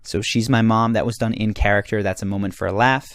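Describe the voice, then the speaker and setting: A man's voice: on the low side, fairly even intonation, fast talker, a bit bright. A man in his thirties working as a communication coach, breaking down a storytelling clip step by step in an explanatory manner. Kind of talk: analytical commentary on a story clip.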